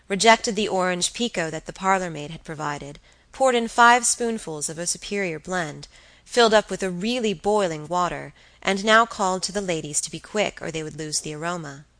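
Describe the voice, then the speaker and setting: A woman's voice: lowish voice, a bit bright, no echo, poor audio. A woman narrating a classic novel as an audiobook reader, reading expressively.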